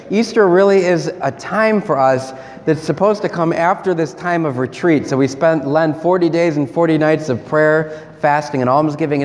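Male priest, chatty homily storyteller, slightly high voice, echoing church, faint room hum. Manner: animated, chatty storytelling with laughs. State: sick with a cold. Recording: church hall reverb, faint ambience.

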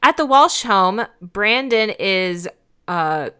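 In a casual podcast recap, this woman co-host walks through an episode scene by scene, giggling frequently. She speaks slowly in a mid-range voice with lively intonation, bright and forceful yet clear and resonant. It's an easygoing chat about the episode.

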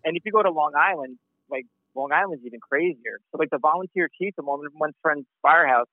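A man's voice: a little high, quick pace, no room sound, phone-quality sound. A man, a paramedic guest on a casual podcast, talking loosely and agreeing often. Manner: loose, agreeable, lots of "yeah". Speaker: New York paramedic guest.

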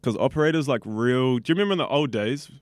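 A 21-year-old New Zealand man, a radio student, chats casually in an interview in a mid-range, animated, fast voice. He rambles, fills his speech with fillers and says "like" a lot, with no echo on the recording.

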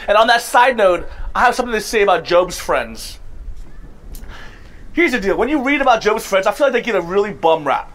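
A man's voice: high-pitched, animated, fairly quick, a bit bright. A man preaching a sermon to his congregation, conversational and emphatic, sometimes laughing at himself. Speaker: pastor. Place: church service.

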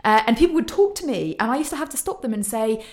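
A woman's voice: fairly high pitch, very animated, quick pace. A young woman hosting a podcast discussion, talking conversationally with many "you know" fillers. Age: young adult. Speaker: podcast host.

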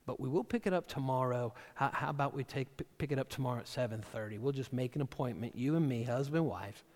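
A man's voice: medium pitch, quick pace, darkish tone. Conversational male pastor in a reverberant hall. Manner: conversational, repeats words at the start of phrases. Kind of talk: sermon. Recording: long reverb of a large hall.

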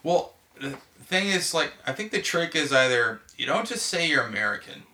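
A man's voice: on the high side, big pitch swings, normal speed, bright, forceful tone. A man from Texas chatting casually on a podcast, rambling with lots of restarts and filler words. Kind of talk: casual chat.

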